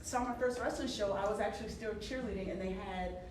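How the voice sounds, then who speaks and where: A woman's voice: mid-range voice, a little fast. A woman in her thirties, a wrestler chatting as a radio interview guest, talking with lots of fillers and laughs. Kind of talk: casual radio interview chat. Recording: roomy, distant mic, noisy background.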